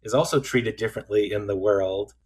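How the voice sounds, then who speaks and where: A man co-hosting a podcast, talking through a film in a thoughtful, halting way, often restarting his sentences. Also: lowish voice, darkish tone, slight background noise. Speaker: podcast co-host. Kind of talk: casual film discussion.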